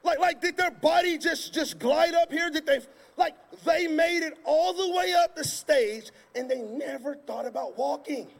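High-voiced preacher in a reverberant hall. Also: male voice, normal speed, vocal fry, few pauses. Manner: repetitive, emphatic preaching with sudden shouts. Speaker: pastor. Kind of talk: sermon. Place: church stage before a congregation. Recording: long reverb of a large hall.

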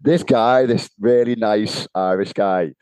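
Brief: male podcast co-host, low dark voice, dry close sound, chatty storyteller who laughs a lot. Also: slow, smooth, dry recording, low-quality recording. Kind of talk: casual chat. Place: home kitchen.

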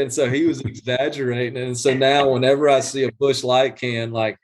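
Male podcast guest, casual, rambling storyteller, mid-pitched voice. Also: flat delivery, fairly quick, hardly any pauses. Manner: rambling storyteller with many restarts and fillers. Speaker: guest groundskeeper. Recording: livestreamed podcast.

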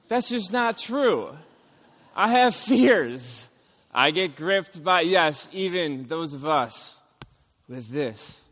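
Animated male preacher in a reverberant hall. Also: on the high side. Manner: animated storytelling, acting out scenes with sudden loud outbursts. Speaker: pastor. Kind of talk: sermon.

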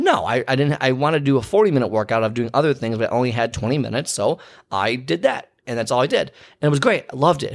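Chatty man giving fitness motivation. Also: medium pitch. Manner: chatty, repeats himself, many fillers and restarts. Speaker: personal trainer. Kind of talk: casual motivational talk to camera.

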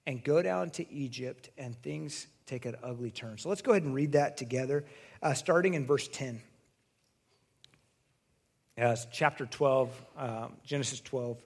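Conversational pastor with a higher voice. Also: male voice, vocal fry. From California. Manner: conversational storytelling, acts out voices and grows loud in anecdotes. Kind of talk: sermon.

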